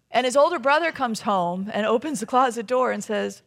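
A woman's voice: on the high side, lively intonation, moderate pace, vocal fry, breathy edge. A woman minister giving a sermon in a conversational, storytelling way, often checking in with the congregation with little tag questions.

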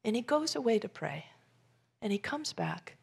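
A woman preaching a sermon, telling the story with animated voices, rising to loud emphasis and dropping to soft near-whispers. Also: fairly high pitch, moderate pace, creaky, slightly rough. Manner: animated storytelling, acting out Jesus' lines. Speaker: pastor.

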